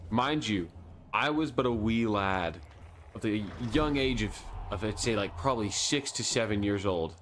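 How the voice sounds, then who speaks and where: A man's voice: fairly low pitch, moderate pace, slight background noise. Man telling a funny story, laughing. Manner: animated, laughs often, self-deprecating. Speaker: streamer. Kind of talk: casual storytelling.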